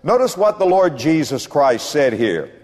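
An older man preaching a sermon as pastor in a church, swinging between booming lines and hushed asides. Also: very animated, a little slow, in a large hall. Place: church building.

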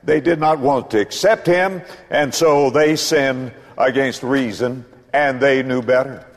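An older man preaching a sermon as pastor in a church, swinging between booming lines and hushed asides. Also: a little slow, big-room sound. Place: church building.

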